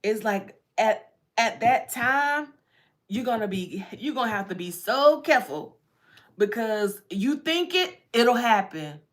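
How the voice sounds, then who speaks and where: A woman's voice: on the high side, lively intonation, measured pace. A woman giving a casual tarot reading, chatty and repetitive, often breaking into laughs. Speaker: tarot reader.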